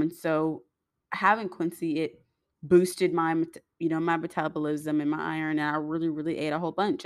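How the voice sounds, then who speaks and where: Chatty young woman with a low voice. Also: no echo, clean studio sound. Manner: chatty, rambling, acts out quoted voices. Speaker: vlogger. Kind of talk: casual storytelling to viewers.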